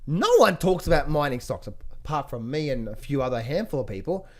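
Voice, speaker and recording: A middle-aged man giving casual market commentary as a trading educator, animated, often slipping into high mock voices of panicking traders. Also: a little fast. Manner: frequent fillers and restarts, addresses viewers as guys.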